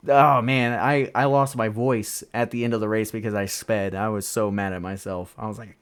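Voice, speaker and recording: A man with a low, smooth, resonant voice hosts a relaxed podcast chat. He rambles freely, piles on fillers and laughs at his own jokes. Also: normal speed, few pauses. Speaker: podcast host and sim racing driver. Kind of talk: casual chat.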